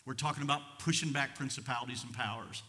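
A middle-aged American man preaching a sermon as pastor, swinging between loud fervent passages and quiet low asides. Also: steady tone, fast. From United States. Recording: long reverb of a large hall.

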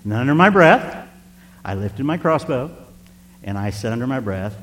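A male preacher telling a personal story in a sermon, animated and speaking straight to the congregation. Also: medium pitch, moderate pace. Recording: reverberant hall with faint hum.

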